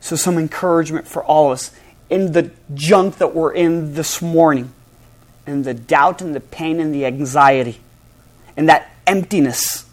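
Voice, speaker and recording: A male pastor preaching a sermon to a congregation, swinging between loud emphasis and hushed, soft passages. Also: on the high side, normal speed. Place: church hall before a congregation.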